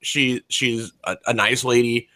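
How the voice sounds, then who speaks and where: A man's voice: mid-range voice, fairly even intonation, measured pace, pushed and bright, no echo. A man in his forties talking in a rambling, profane way, full of fillers and restarts. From United States. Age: 40s. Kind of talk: casual chat.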